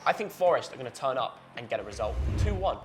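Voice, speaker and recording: Fast-talking jokey young Englishman. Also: medium pitch, soft background music. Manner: jokey, excitable, big swings in loudness. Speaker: podcast co-host. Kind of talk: casual football chat.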